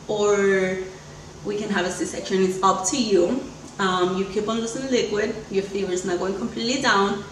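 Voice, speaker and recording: A young woman tells a personal story with chatty, animated energy, slipping into the voices of the people she quotes. Her voice sits a little off the mic in an echoey room with faint background noise. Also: medium pitch, distant mic. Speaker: vlogger.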